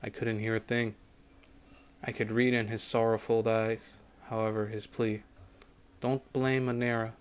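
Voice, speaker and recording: A man streaming a game, reading its story text aloud in a measured, grave way that sometimes drops to a hush. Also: lowish voice, completely flat delivery, clean tone. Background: faint game music.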